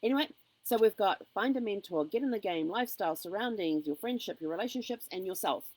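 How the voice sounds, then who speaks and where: A woman's voice: medium pitch, animated, fast talker, darkish tone, no echo, low-quality recording. A woman giving an upbeat, encouraging motivational vlog to camera, with frequent ums. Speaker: motivational vlogger. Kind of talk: casual motivational talk to camera.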